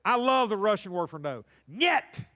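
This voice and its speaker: A man preaching a sermon, animated and folksy, calling on the congregation to answer him. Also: high voice, normal speed. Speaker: pastor. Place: church sanctuary.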